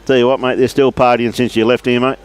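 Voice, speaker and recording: A man's voice: mid-range voice, flat delivery, fast talker. A man with an Australian accent giving casual live commentary on lawn bowls outdoors at a club, chatting and greeting viewers by name.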